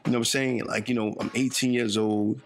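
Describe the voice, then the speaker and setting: Man in his fifties, from northern New Jersey, gravelly voice, faint music behind, laid-back street talk. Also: medium pitch, level tone, a little fast. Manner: conversational, street slang, keeps asking "you know what I'm saying". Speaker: documentary subject telling his own story. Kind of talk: reflective first-person storytelling.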